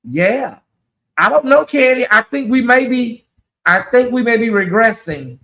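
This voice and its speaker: Man, high voice, sharp bright tone, sassy, chatty livestream host. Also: lively intonation, measured pace. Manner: sassy, chatty, calls listeners honey and y'all. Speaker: channel host. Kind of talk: casual livestream chat.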